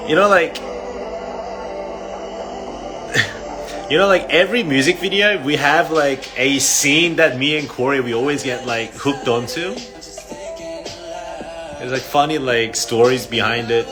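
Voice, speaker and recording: A man's voice: mid-range voice, slow, pauses often, over music. A young man chatting casually to fans on a phone livestream, rambling through stories with lots of fillers and frequent laughs. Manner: rambling storyteller, heavy "like" fillers, laughs often.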